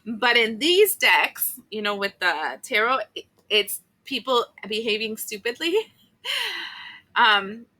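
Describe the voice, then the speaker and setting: A woman with a bright, forceful voice talks through a tarot reading in a loose, chatty way. She fills her talk with fillers and asides and gets emotional along the way. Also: fairly high pitch, big pitch swings, slow, low-quality recording. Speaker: tarot reader.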